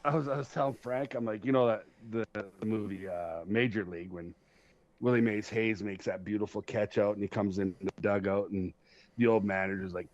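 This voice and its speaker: A man hosting a podcast, telling stories in a casual, profane, animated way and laughing at himself. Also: fairly low pitch, moderate pace, dry recording. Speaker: podcast host. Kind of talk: casual storytelling chat. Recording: dull lo-fi sound.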